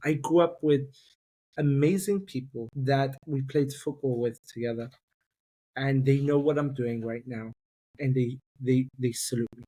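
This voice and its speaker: A man from London, an army reservist guest, telling personal stories in a fast, halting way, repeating words and rising sharply when emphatic. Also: mid-range voice, mellow. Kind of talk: emotional personal storytelling.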